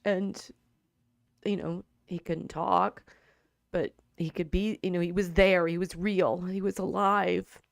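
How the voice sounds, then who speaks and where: A middle-aged woman chats on a livestream in a low-pitched voice, her sentences breaking off and restarting as grief pushes her close to tears. The sound is dry and close. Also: fairly even intonation, vocal fry, dry recording. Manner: halting, many restarts, tearful. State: grieving, near tears. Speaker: co-host. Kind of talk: casual livestream chat.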